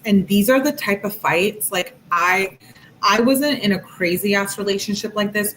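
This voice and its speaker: A woman's voice: on the low side, a bit bright, slight background noise, poor audio. A woman giving casual true-crime commentary, talking bluntly and candidly to her viewers in slangy asides. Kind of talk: casual commentary reading text messages.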